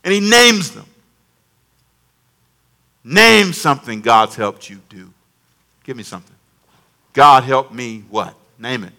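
A man preaching a lively sermon as a pastor, talking back and forth with his congregation. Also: mid-range voice, slow, long pauses.

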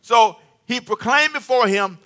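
A man's voice: very high voice, unhurried. A man preaching a sermon in church, telling stories with jokes and acting out the characters. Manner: animated storytelling, acts out the king and Haman; jokes with the congregation and laughs. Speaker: pastor.

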